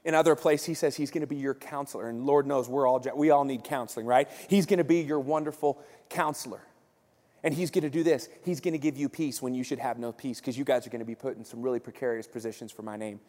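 A man playing a calm, assured teacher who speaks gently and steadily, his words carried by the long echo of a large hall. The tone stays quiet and reassuring, a little lower than the speaker's own. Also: fast talker, natural voice. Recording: long church-hall reverb.

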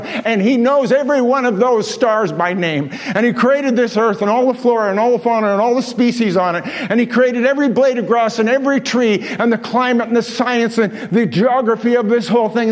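A male pastor preaching a sermon with passion, firing rhetorical questions at his congregation. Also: high voice. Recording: long reverb of a large hall.

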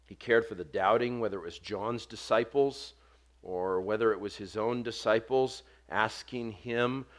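A man preaching a sermon, earnest, building to forceful emphasis and dropping soft on quoted words. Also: lowish voice, fairly even intonation, measured pace. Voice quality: short stature mentioned, not vocal.

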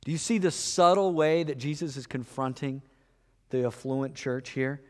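A man preaching a sermon, acting out back-and-forth dialogue with lively swings in pitch and loudness. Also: moderate pace, long reverb tail. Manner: animated, acts out dialogue with shifts in pitch and loudness. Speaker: pastor.

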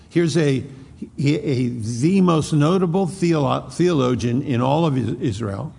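Male preacher with a gravelly, husky voice, retelling scripture in a reverberant hall. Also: fairly high pitch, animated, measured pace, warm tone. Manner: storytelling, frequent restarts, acts out quotes. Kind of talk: expository sermon.

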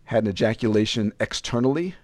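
Man, frank storyteller, rambling, acts out quotes, very expressive pitch. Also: fast, no echo. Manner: frank, rambling, animated retelling with quoted dialogue. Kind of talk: candid personal storytelling.

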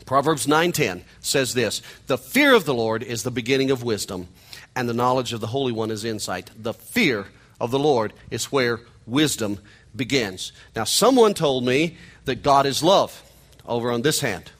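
Nasal Missouri-twanged preacher. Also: male voice, medium pitch, lively intonation, moderate pace, fairly bright tone. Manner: conversational, joking asides to the congregation. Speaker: pastor. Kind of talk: sermon.

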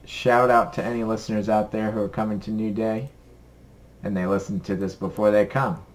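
A man's voice: lowish voice, steady tone, a little fast. A young man co-hosting a podcast in casual chat, rambling and upbeat with many ums. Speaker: podcast co-host.

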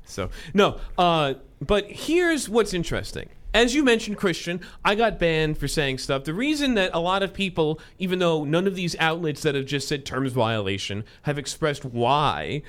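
A young male podcast host with a bright, forward voice sitting a bit high for a man. He talks casually and sarcastically, now and then in a mock-newscaster tone. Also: big pitch swings, moderate pace, hardly any pauses. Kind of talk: comedic casual chat.

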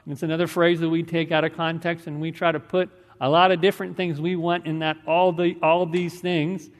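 A man pastor preaching a sermon, reading scripture and praying in an earnest, measured way. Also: fairly high pitch, level tone. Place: church sanctuary. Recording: church sanctuary with long reverb.

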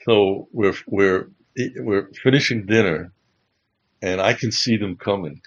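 Husky man telling a funny story. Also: lowish voice, unhurried, dull audio. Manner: animated, laughing while telling. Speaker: Bible teaching show host. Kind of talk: casual storytelling.

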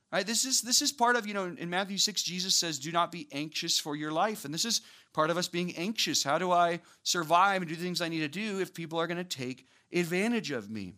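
A young man preaching a sermon to a church audience, talking conversationally and building to animated emphasis. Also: high-pitched, brisk. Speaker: pastor.

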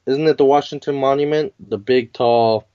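A man's voice: mid-range voice, steady tone, moderate pace, dark tone, smooth, no room sound. A man co-hosting a podcast in a laid-back, teasing casual chat. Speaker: podcast co-host. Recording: dull lo-fi sound.

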